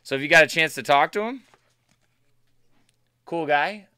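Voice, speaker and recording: A man's voice: on the high side, measured pace, sharp tone, clean tone, dry recording, studio quality. A man hosting a live card break stream, chatting casually and bantering with viewers as he opens packs. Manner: chatty, upbeat, banters with chat.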